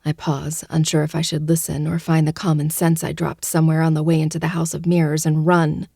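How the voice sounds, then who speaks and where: A woman narrating a first-person audiobook close to the mic, in a hushed, breathy, intimate delivery that often drops to a whisper. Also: sits low, monotone, fairly quick, dry recording.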